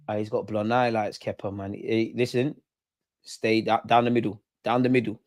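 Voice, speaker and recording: A man's voice: on the low side, unhurried, no room sound. Heckling young man, watch-along. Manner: heckling, excitable, mocking penalty takers. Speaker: football fan channel host. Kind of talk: live watch-along commentary.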